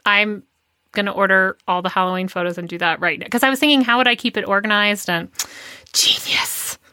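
Bright, upbeat woman podcaster. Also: medium pitch, fast talker, dry recording, clean studio sound. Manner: upbeat, excited recommending. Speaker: podcast co-host. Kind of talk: casual chat.

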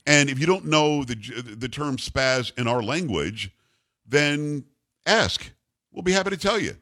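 An older man runs a talk radio show, and his pitch swings widely as he rants. He is blunt and combative, and he jokes as he goes. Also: expressive, measured pace, bright, forceful tone. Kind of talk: opinionated talk radio rant.

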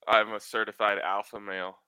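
Bright, crisp-voiced joking male podcast host. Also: lowish voice, little pitch movement, dry recording. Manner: joking, trash-talking, quick asides. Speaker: podcast host giving hockey betting picks. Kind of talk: casual podcast chat.

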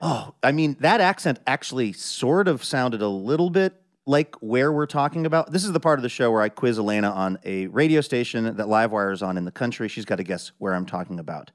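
A man's voice: mid-range voice, expressive, brisk, few pauses. A man hosting a public radio show, bantering with his announcer and reading ads. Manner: upbeat, bantering.

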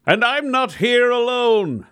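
A man voicing a grandstanding showman who rouses an arena crowd with slow, bombastic, shouted speeches in a tabletop game. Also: extremely high pitch, lively intonation, smooth, pitched above the performer's own voice, exaggerated voice. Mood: grandiose. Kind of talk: tabletop game role-play.

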